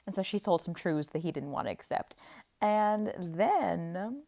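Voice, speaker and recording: A young woman talks through a book's plot in a casual, playful way. Her voice sits a little low, and she jumps into characters' lines to act them out. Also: expressive, a little slow, mellow. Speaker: book vlogger. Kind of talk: casual book recap.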